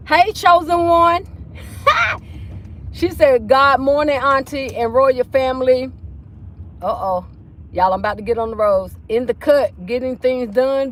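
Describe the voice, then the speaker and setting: Chatty woman livestreaming from a car. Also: fairly high pitch. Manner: chatty, reads viewer comments aloud, folksy. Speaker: livestream host. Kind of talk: casual livestream chat reading comments. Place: inside a car.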